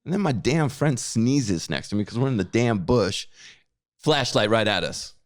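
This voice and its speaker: A man co-hosting a podcast, telling a story with lively acted-out quotes. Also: mid-range voice, moderate pace, dry recording, clean studio sound. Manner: animated storyteller, acts out quotes. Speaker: podcast co-host. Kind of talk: casual chat.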